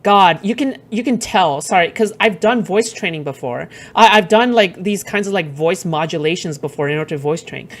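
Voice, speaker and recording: A woman's voice: lowish voice, animated, moderate pace, few pauses. Profane, exasperated woman streamer. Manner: rambling with many fillers. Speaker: streamer reacting to clips. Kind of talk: casual reaction commentary.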